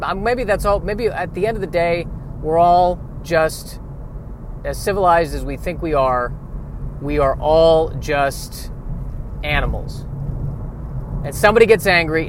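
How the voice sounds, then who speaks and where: A man's voice: on the high side, background noise. A man doing a stand-up monologue, musing in a rambling, self-deprecating way. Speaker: comedian.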